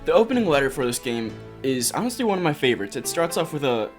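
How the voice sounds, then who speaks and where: A man's voice: fairly high pitch, very animated, fast talker, faint music behind. A man co-hosting a video game review show, talking in an enthusiastic, conversational way. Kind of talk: casual review chat.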